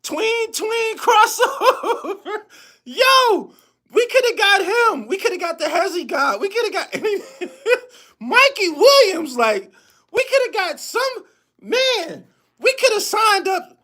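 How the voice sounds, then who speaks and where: A man hosting a sports podcast, ranting in profane, animated commentary and laughing often. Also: extremely high pitch, slow pace.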